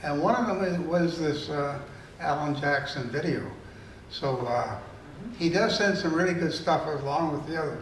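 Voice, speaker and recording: A man's voice: a little high, normal speed. A man in his eighties, an author telling stories at a library event in a meandering, folksy, conversational way. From Canada. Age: 80s. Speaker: storyteller and author. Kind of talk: storytelling talk. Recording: roomy room, mic far off, faint noise.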